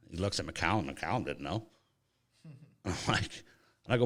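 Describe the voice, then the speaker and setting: Deep-voiced and measured, pausing often, a man hosting a sports podcast shares a casual story, cursing and performing the quotes in animated fashion.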